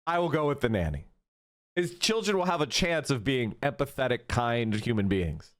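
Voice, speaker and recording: Animated, profane man reacting to clips. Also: mid-range voice, normal speed. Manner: heated, mocking, swears constantly. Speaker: stream host reacting to clips.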